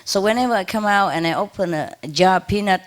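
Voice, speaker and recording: A woman's voice: medium pitch, fast. A woman speaking informally to a gathering as a spiritual teacher, laughing often, with simple, loosely built sentences. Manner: laughs often, simple non-native English phrasing. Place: ashram gathering.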